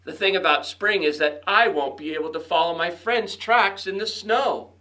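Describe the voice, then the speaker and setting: A man's voice: high voice, moderate pace, pushed and bright. A man voicing a cranky, grumbling male rabbit in a read-aloud storybook, complaining about spring. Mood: grumpy.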